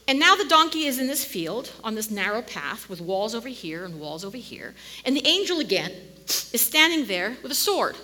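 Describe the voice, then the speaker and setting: A woman preaching a sermon, telling the story in an animated way and sometimes dropping to a near-whisper. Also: high voice. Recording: long hall reverb.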